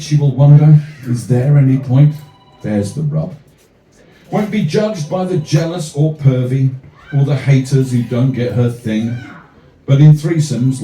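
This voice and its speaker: A man performing comic rhyming poems to a live cafe audience, with wry, deadpan asides between pieces. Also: medium pitch. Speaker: performance poet. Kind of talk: live comic poetry reading. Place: small cafe venue with an audience. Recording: roomy, distant audience recording.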